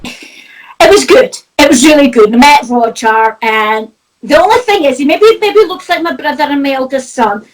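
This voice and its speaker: A chatty psychic medium, a middle-aged woman with a north-east Scottish Doric accent, tells her stories at a moderate pace in a high voice, often laughing and cursing. The recording is low quality.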